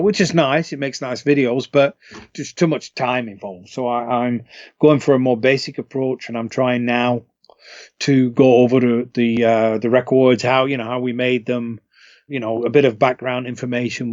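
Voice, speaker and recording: A man from the UK, a singer being interviewed, telling stories in a relaxed, chatty way and laughing often. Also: mid-range voice, dry recording. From United Kingdom. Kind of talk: casual interview storytelling. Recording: dull, lo-fi, dry call audio.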